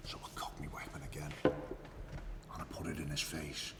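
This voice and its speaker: An actor playing a boastful, crude hitman who tells his story with swagger, profanity and drawn-out emphasis, in an acting class monologue. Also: rumbling low, completely flat delivery, whispered, long reverb tail. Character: boastful crude male hitman telling war stories.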